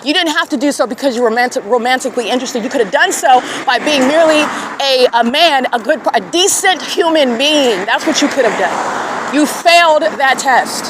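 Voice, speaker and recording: A woman podcaster delivering a scornful, accusatory monologue outdoors in an urban square. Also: high-pitched. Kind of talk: confrontational monologue. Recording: clear traffic noise outdoors.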